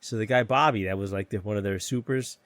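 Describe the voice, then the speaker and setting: A man's voice: lowish voice, fast talker, fairly bright tone, no echo. Brief: union-electrician man hosting a podcast, loose and profane, dry sound. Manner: profane, laughing storyteller. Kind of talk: casual chat.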